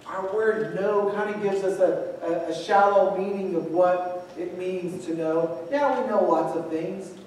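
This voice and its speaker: A man's voice: sits high, a little mellow, a little hiss or hum. A man preaching a sermon in a church, telling a story and acting out its voices. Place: church sanctuary. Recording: echoey church hall, distant mic.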